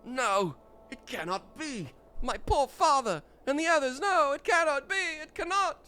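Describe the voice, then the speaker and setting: A man's voice: extremely high pitch, lively intonation, a little slow, sharp tone, voice pushed up, heavily acted. A man voicing a grieving young man who swears revenge, reading game dialogue aloud in a dramatic, anguished way. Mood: grief-stricken.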